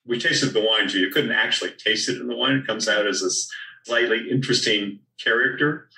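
Low-voiced man telling wine stories in an echoey room. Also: fairly quick, gravelly, sharp tone, recorded from a distance. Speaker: winemaker guest. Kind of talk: relaxed storytelling in conversation.

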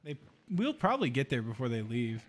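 A young man streaming a multiplayer game, chatting casually and excitably with his friends. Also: brisk, a little hiss or hum. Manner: excitable, jumps into high joking voices. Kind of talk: casual gaming chat with friends.

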